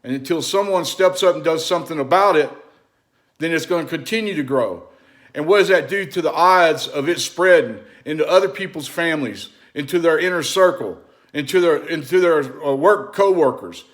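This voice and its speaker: A man hosting his own video channel, talking straight to the viewer in an impassioned, repetitive way. He swings between loud urging and low, confiding asides, and keeps asking rhetorical questions. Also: normal speed. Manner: preachy, asks the listener rhetorical questions. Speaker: vlog host. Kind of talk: impassioned direct-to-camera monologue.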